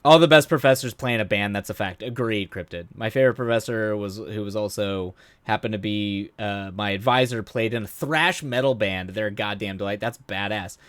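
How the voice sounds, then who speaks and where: A man's voice: on the low side, brisk, few pauses, a bit bright, no room sound, clean studio sound. A man hosting a live stream, chatting loosely with viewers, often trailing off, restarting sentences and laughing at his own stories. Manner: rambling, self-interrupting, laughs often. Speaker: streamer host. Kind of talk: casual live-stream chat.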